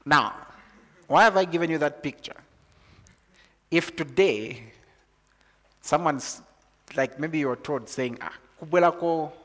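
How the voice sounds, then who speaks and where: A man from Zambia delivers a sermon in a somewhat high voice. He starts calm and teaching, then builds to loud, excited preaching. The sound rings with long reverb, like a large hall.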